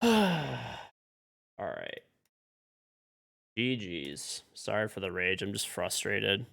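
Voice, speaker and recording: A man's voice: on the low side, expressive, slow pace, gravelly, sharp tone. A man streaming a video game live, frustrated and swearing as he mutters to himself and talks to teammates. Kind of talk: live-stream commentary while playing.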